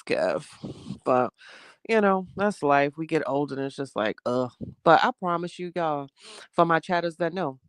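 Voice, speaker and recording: A man from New Jersey chatting heartfelt and casual on a home live stream, reading out his chat and breaking into loud exclamations. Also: mid-range voice, clean tone, dry recording.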